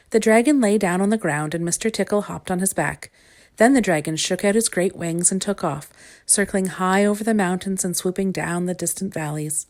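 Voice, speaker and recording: A woman reading a children's storybook aloud in a calm, measured way. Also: fairly low pitch. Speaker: storybook reader.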